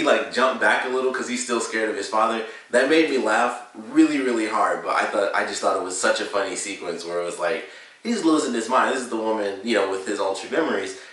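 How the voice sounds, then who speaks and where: A man's voice: on the low side, a bit bright, distant mic. A man giving a casual, rambling spoken review of a TV episode, with lots of fillers and restarts. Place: home room with a dog. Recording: very echoey room, voice a bit off mic.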